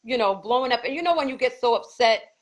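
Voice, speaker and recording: A woman with a New York accent, a guest telling a personal story in an animated way, acting out others' voices and swearing. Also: fairly high pitch, quick pace, rough recording.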